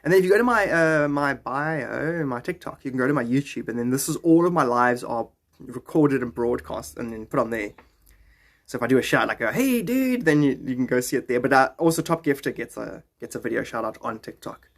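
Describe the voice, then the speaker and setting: A man's voice: mid-range voice, a little fast, gravelly. A man talking casually on a live stream, rambling from one thought to the next. He answers and thanks his viewers as he goes. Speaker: livestreamer.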